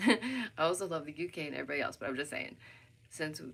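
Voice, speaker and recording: A woman's voice: low-pitched, fast talker, vocal fry. A young American woman vlogging, talking casually and animatedly to her viewers, venting and laughing. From United States. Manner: animated, ranting, frequent laughs and "right?". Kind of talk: casual opinion chat to camera.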